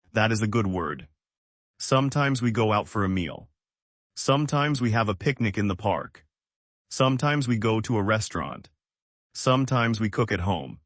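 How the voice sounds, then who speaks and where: A man reading a simple, scripted English lesson and asking learners to repeat after him, in plain, even sentences. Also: lowish voice, dry recording. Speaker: English teacher.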